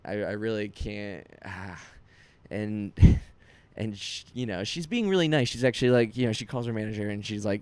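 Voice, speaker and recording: A man's voice: on the low side, normal speed, darkish tone, smooth. A young man, a comedian hosting his podcast, telling a rambling, self-deprecating story in casual chat with many restarts.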